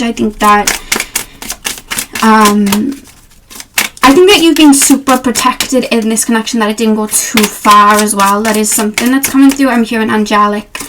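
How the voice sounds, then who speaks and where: A young woman with a slightly high voice talks through a tarot reading in a relaxed, unscripted way. She sounds gentle and reassuring, and fills her pauses with ums and you-knows. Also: noisy background. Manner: gentle, reassuring, with many fillers. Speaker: tarot reader. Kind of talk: casual tarot reading to camera.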